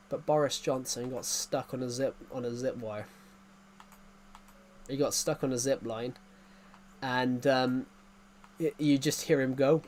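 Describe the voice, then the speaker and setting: Male game streamer, mid-pitched, rambly and repeating himself, light hiss under the voice. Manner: rambling, repeats phrases, frequent chuckles. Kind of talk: casual live-stream chatter.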